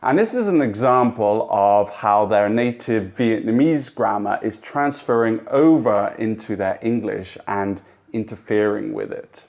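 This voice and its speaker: A man narrating a language lesson in a clear, measured, instructive way. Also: fairly low pitch, darkish tone. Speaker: language teacher. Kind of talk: scripted explanatory narration.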